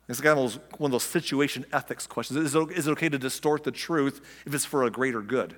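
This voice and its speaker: Conversational preacher in a reverberant hall. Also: male voice, medium pitch, fast talker, hardly any pauses, fairly bright tone. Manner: conversational, asks the listeners questions, acts out quotes. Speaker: pastor. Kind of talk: sermon.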